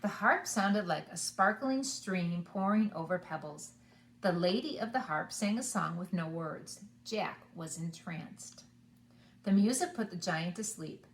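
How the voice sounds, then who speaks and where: Animated preschool teacher reading aloud. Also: female voice, lowish voice, measured pace, reverberant. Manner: animated, asks the children along. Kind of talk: storybook reading for children.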